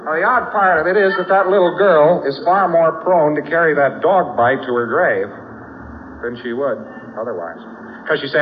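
A man's voice: a little high, moderate pace, muffled recording, a little hiss or hum. A man giving a spoken lecture, telling folksy stories with frequent asides.

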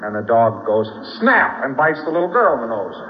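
A man's voice: medium pitch, big pitch swings, moderate pace, muffled recording, crowd noise. A man giving a spoken lecture, telling folksy stories with frequent asides.

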